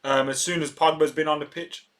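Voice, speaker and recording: A man reacting live to a football match as a fan, getting excitable, swearing and shouting at the referee. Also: fairly high pitch, fairly quick. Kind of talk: live match watch-along commentary.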